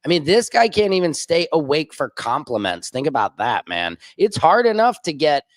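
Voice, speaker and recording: A man hosts a comedy news livestream, riffing on headlines and doing quick mock voices. His voice sits a bit high and sounds close and dry on the mic. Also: very animated, no room sound. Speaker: comedic news show host. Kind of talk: casual comedic commentary livestream.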